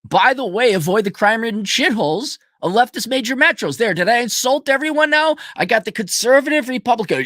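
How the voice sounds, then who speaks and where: A man's voice: extremely high pitch, animated, fairly quick, hardly any pauses, a bit bright, no room sound, studio quality. A man giving a casual, blunt, profane rant in a sarcastic tone. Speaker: commentator. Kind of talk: casual ranting monologue.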